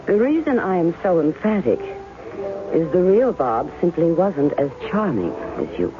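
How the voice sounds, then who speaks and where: A woman's voice: lowish voice, very animated, a little slow. An actress playing a cool, skeptical estranged wife in an old radio drama, cutting and probing as she questions a man. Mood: sharp. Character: sharp, skeptical woman guarding her heart. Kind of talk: 1970s radio drama acting. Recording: tinny narrow-band old radio with music.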